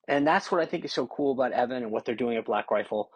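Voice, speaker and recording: A middle-aged man hosting a casual podcast interview, animated, laughing often and restarting his sentences. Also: mid-range voice, quick pace, slight background noise. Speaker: podcast host. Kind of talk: casual interview with rapid-fire questions.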